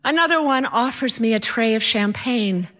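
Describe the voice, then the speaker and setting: A woman telling a personal story with animated, comic timing. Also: fairly high pitch, normal speed.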